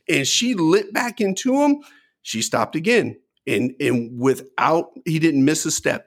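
A middle-aged man telling a story in casual chat, acting out the people he quotes with big jumps in pitch. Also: moderate pace, slightly rough. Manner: animated, acts out quotes with lively pitch jumps. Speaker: guest storyteller.

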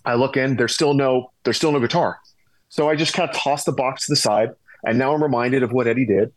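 A middle-aged man, a former pro ballplayer, telling a long anecdote as a guest, animated and rambling with restarts. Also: medium pitch, a little fast, no room sound, low-quality recording.

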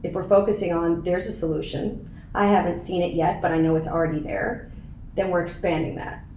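A woman's voice: fairly low pitch, fairly even intonation, brisk, mellow. A woman in her thirties, a podcast guest telling her story in an earnest, emotional way, laughing at times. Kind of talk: casual interview chat. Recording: echoey room, faint noise.

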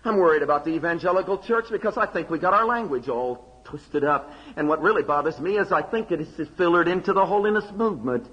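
A man preaching a sermon, emphatic, with rhetorical questions and dramatic pauses. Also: fairly high pitch, animated, slightly rough, muffled recording. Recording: long hall reverb.

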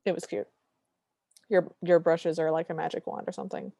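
Lowish woman cohost, dry close mic, animated movie recap. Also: a little fast, vocal fry, no echo. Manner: animated storytelling, quoting characters. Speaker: podcast co-host. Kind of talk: casual chat recapping a movie.

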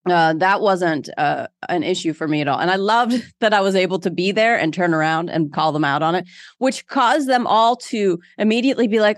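A young woman telling stories in a casual interview, animated and self-deprecating, laughing often. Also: fairly low pitch, a little fast, no echo, clean studio sound. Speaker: guest.

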